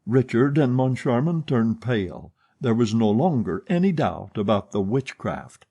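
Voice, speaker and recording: Man reading a classic audiobook, warm dark voice, a bit husky. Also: mid-range voice, lively intonation, unhurried, lo-fi sound. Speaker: audiobook narrator. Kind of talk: scripted narration.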